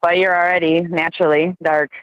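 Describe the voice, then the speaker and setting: A woman's voice: fairly low pitch, level tone, fairly quick. A woman giggling through a casual phone chat, poking fun at herself. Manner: giggly, self-deprecating. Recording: lo-fi phone recording.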